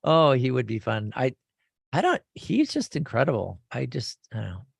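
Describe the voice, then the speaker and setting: A man's voice: medium pitch, huge pitch swings, moderate pace, gravelly, slightly rough, dry recording, clean studio sound. A man in his fifties hosting a radio show, talking in a rambling, enthusiastic way with frequent restarts. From California. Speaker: radio show host and lawyer. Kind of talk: casual radio talk.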